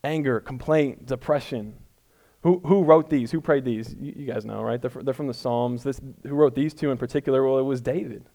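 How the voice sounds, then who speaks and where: A man's voice: medium pitch, fairly quick, dark tone. A man preaching a conversational sermon to his congregation, casual and self-deprecating, building to emphatic peaks. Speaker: pastor. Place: church room before a congregation.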